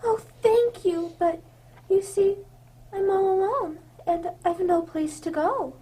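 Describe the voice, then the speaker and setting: A woman playing a sweet, gentle young princess who frightens easily, in a radio drama. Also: very high-pitched, slow. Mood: sweet, wondering. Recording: loud background noise.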